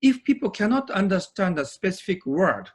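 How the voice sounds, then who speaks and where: A man interviewing a guest in casual conversation, speaking haltingly with fillers and broken phrasing. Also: high voice, very animated, breathy edge.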